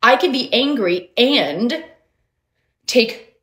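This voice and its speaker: A woman hosting a motivational livestream as a mindset coach, animated and emphatic, talking straight to her viewers. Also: a little high, very slow. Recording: roomy echo.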